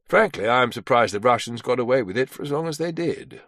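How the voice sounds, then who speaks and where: A man doing a gravelly, domineering spy chief. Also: on the low side, big pitch swings, normal speed, fairly bright tone, no echo, clean studio sound, exaggerated voice. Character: senior heavyset male intelligence director, domineering.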